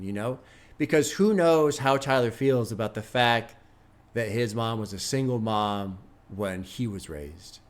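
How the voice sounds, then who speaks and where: A man's voice: mid-range voice, a bit bright. A man with a middle-range voice hosts a casual first-listen album reaction. He talks through his thoughts in a reflective, loose way, swearing often. He sounds emotionally moved, close to tears. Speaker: music reaction host.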